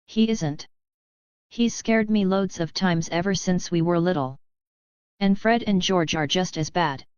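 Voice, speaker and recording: A woman's voice: fairly low pitch, a little slow, a little mellow, clean tone, no room sound, dull audio, close to an everyday voice. A woman voicing a grumbling, boastful boy wizard who is someone's younger brother, in a storybook reading.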